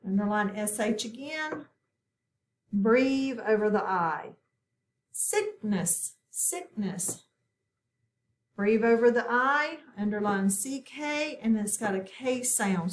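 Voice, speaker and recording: A woman teaching a phonics lesson, patiently sounding out words and asking her students questions. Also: on the high side. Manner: encouraging, asks the class questions, repeats words slowly. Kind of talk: slow, patient classroom instruction.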